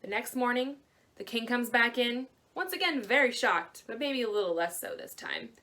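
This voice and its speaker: A woman librarian telling a fairy tale to children in a gentle, expressive way. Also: on the high side, normal speed. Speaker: librarian storyteller. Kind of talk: storytelling to children.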